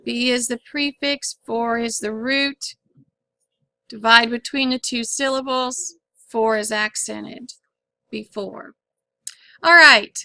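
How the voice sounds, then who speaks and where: A woman's voice: fairly high pitch, slow pace, sharp tone, no echo. A woman teaching a phonics lesson, patiently sounding out words syllable by syllable.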